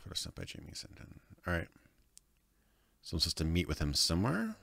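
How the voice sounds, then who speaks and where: Gravelly, very low male streamer who muses aloud over gameplay, with a bright, dry close-mic sound. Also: wildly swooping pitch, a little fast, dry recording. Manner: thinking aloud, chuckling, a bit confused. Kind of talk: livestream gameplay commentary.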